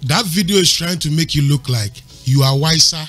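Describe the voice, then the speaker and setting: A man lecturing hard on a talk panel, his voice husky and a little high for a man. He hammers home his points by repeating them, with faint music playing behind. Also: normal speed, fairly bright tone. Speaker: panel commentator. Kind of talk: emphatic argument.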